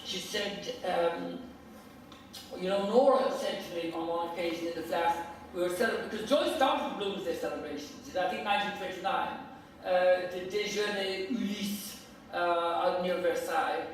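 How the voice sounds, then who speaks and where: A man's voice: high voice, normal speed, a little hiss or hum. An older man giving a theatrical, anecdote-filled speech in a council chamber. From Ireland. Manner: theatrical, animated storytelling. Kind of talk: public address with anecdotes. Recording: echoey chamber, mic far off.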